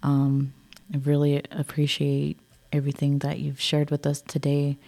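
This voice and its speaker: A woman hosting an interview show, hesitant and filling pauses with ums. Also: low-pitched, completely flat delivery, gravelly, dark tone. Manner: hesitant, many fillers. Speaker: show host.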